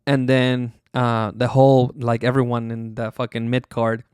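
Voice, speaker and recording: A man's voice: mid-range voice, flat delivery, normal speed, a little mellow, clear, resonant tone, no room sound, clean studio sound. A man hosting a podcast, recapping casually in a rambling, profane way, full of fillers and chuckles. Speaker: podcast host.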